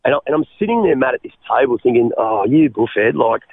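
Gravelly Australian man on a phone line. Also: medium pitch, lively intonation, no echo. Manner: halting, repeats words, calls the host mate. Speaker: interview guest. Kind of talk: personal testimony in an interview.

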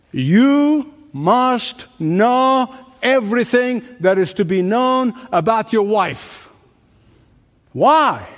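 An older male pastor preaches slowly and deliberately, his voice pitched fairly high for a man. He hammers home points with repetition and rhetorical questions. A long church-hall reverb trails every phrase. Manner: emphatic, repeats key phrases, asks the audience rhetorical questions. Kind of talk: sermon. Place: church sanctuary before a congregation.

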